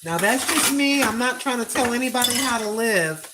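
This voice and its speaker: A woman in her sixties hosting a cooking livestream, chatting in a folksy way and repeating her points slowly for emphasis. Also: on the high side, lively intonation, very noisy. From United States. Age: 60s. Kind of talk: casual livestream chat.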